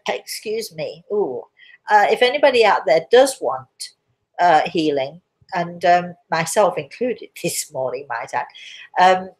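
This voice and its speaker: A hoarse woman with a cough, hosting a live spiritual Q&A, chatty and reassuring, calling listeners darling. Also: on the low side, animated, slow. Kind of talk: live-stream chat answering viewers.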